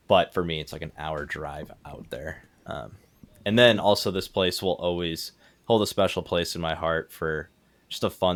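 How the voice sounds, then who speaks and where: Deep-voiced man, hesitant chat. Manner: hesitant, trails off. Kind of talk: casual chat.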